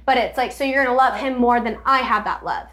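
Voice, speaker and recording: A young woman with a fairly high voice recounts her own story on a casual podcast. She speaks candidly and loosely, threading "like" through nearly every phrase. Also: quick pace, a bit bright. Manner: candid storytelling, heavy use of "like". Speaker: podcast guest.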